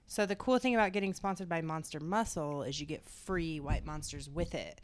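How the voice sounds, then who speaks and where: A woman's voice: sits low, moderate pace, slight background noise. Brash, joking young woman podcast host. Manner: brash, swears freely, loud and joking. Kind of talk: casual podcast chat.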